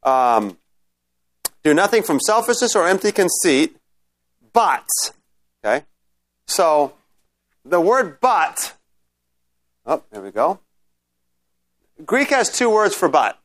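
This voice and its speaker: A man's voice: sits high, very animated, slow pace, long pauses, a bit bright. A man teaching a Bible study class in a conversational way, often checking in with his listeners and restarting his sentences.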